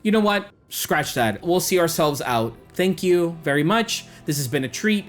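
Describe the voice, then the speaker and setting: Brash, foul-mouthed stranded woman adventurer, pitched up, as the male game master puts her on. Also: lively intonation, normal speed, soft background music, close to an everyday voice. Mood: brisk.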